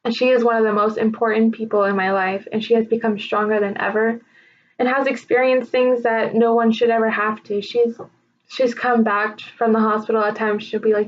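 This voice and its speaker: A young woman giving a recorded tribute speech about her sister, emotional and halting as she holds back tears. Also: a little high, little pitch movement, slight background noise. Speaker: speaker honoring her sister. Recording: slightly dull lo-fi recording.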